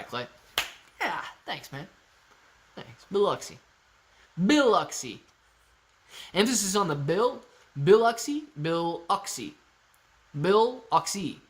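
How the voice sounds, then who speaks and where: A man's voice: fairly high pitch, a bit bright. A man hosting a casual livestream, reading viewer comments aloud and answering them in a playful, joking way. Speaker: livestream host.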